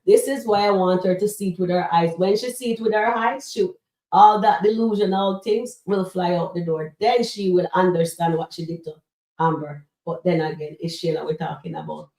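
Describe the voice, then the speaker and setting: Hosting a livestream where she reviews comedy skits, a woman chats casually with viewers, says "guys" a lot and uses frequent fillers. Her voice is on the low side and a little mellow, with a steady tone at normal speed. She's set back far from the mic, with roomy echo.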